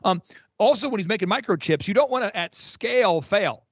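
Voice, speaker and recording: A man working as a business coach, talking in an energetic, emphatic way with frequent restarts on a podcast. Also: high voice, a little fast, husky, no echo, dull audio. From Oklahoma. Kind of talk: fast promotional podcast talk.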